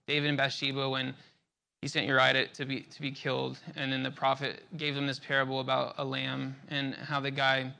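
Bright-voiced man teaching scripture casually. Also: mid-range voice, monotone, brisk, creaky. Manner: conversational, many fillers and repeated words. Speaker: bible study teacher.

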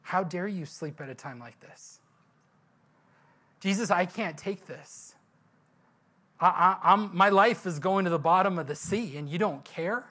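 A man's voice: high-pitched, measured pace, pauses often, sharp tone, heavily acted. A male preacher voicing frightened disciples who plead frantically and accusingly during a storm. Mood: panicked. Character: panicked grown men, frightened disciples in a storm.

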